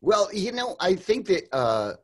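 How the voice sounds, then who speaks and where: A man's voice: high voice, big pitch swings, measured pace. An older man as an interview guest, talking casually over a video call, rambling with lots of fillers and restarts and laughing often.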